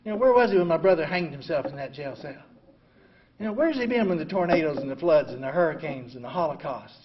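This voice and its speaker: An older man in his seventies talks through his recovery story in a blunt, self-mocking way, leaning on "you know" constantly. His voice sits high and moves over a wide, lively range, from quiet reflection to loud outbursts. The recording is dull and lo-fi. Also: fast talker, a crowd in the background. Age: 70s. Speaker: recovery meeting speaker. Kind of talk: personal recovery talk.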